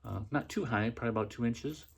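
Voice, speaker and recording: A man's voice: mid-range voice, fast talker, vocal fry, breathy edge. A middle-aged man hosting a podcast, telling a personal story in a casual, chatty way with many fillers and restarts. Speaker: podcast host.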